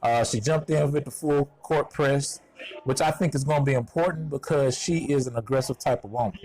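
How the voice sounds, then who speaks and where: A man's voice: mid-range voice, brisk, music in the background. A chatty, self-deprecating man from Houston with a Southern Texas accent, reviewing a TV show outdoors at a golf course on a clip-on shirt mic. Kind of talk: casual video review.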